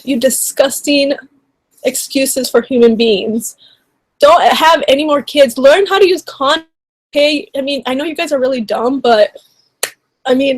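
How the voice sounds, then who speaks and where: Woman YouTuber, higher register, dry close sound; indignant, rambling casual commentary full of fillers. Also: dry recording. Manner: indignant, rambling, heavy on "like" and "you know".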